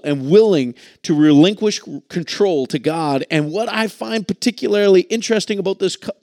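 A man's voice: sits high, darkish tone, no echo, clean studio sound. A man preaching a sermon in an earnest, reflective way, reading scripture and stumbling over a few words. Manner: earnest, reflective, with occasional restarts. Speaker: pastor.

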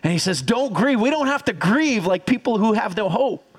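A man preaching a sermon as pastor, energetic and teaching, calling on the congregation to repeat after him. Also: high voice, fairly quick. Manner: energetic, teaching, audience call-and-response.

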